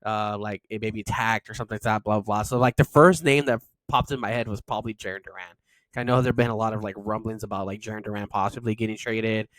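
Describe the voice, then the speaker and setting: A man's voice: mid-range voice, dry recording. A man co-hosting a casual podcast, telling a story with lots of fillers and swearing. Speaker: podcast co-host.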